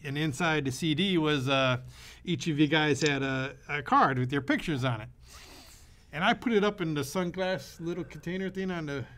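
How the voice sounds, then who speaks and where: A man co-hosting a podcast, telling a story in casual chat with an animated manner, swearing freely and acting out the voices of the people he quotes. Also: on the high side. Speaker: podcast co-host.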